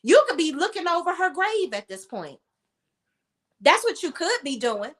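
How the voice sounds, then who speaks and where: A high-voiced woman gives heated reality TV recap commentary. She is blunt and profane, and she turns emotional when the talk gets personal. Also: a bit bright. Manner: emotional while telling a personal story.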